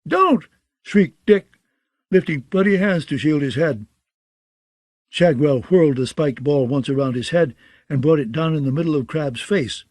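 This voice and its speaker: A man narrating an audiobook with a steady, measured delivery. His voice sits a little high, and the recording is dry and close. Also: dry recording.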